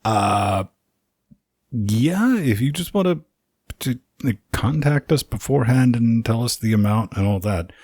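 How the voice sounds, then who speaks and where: A man's voice: mid-range voice, animated, unhurried, darkish tone, dry recording, clean studio sound. A man co-hosting a podcast, talking in a rambling, jokey way with many restarts. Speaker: podcast co-host. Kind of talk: casual podcast chat.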